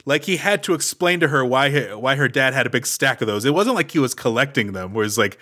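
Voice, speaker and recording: A man's voice: mid-range voice, animated, quick pace, few pauses, bright, forceful tone. A man co-hosting a podcast, chatting casually about an action movie with rambling restarts. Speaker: podcast co-host. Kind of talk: casual movie recap chat.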